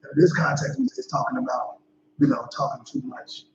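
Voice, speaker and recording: A man leads a Bible study in a relaxed, slangy way, often saying "you know what I'm saying." His mid-range voice is very animated and a little fast, with background noise in dull, echoey livestream audio.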